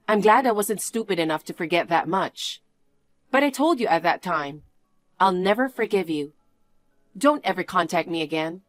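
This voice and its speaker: A woman's voice: medium pitch, expressive, moderate pace, dry recording, clean studio sound. A woman narrating in the first person as a wronged aunt, speaking in a cold, blunt and cutting way in a scripted dialogue drama.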